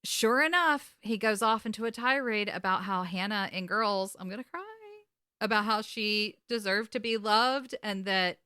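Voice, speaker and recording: Woman podcast co-host, bright close-mic voice, lively storyteller who acts out the scenes. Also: medium pitch, normal speed, hardly any pauses, smooth, dry recording. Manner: animated retelling, acts out characters, swears. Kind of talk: casual recap chat.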